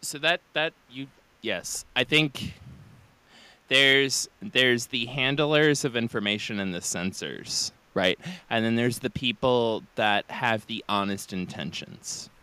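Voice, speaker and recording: A man co-hosting a casual podcast chat, animated and profane, acting out comic bits. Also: medium pitch, slow, clear, resonant tone, dry recording. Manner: animated, swearing, acts out bits. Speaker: podcast co-host.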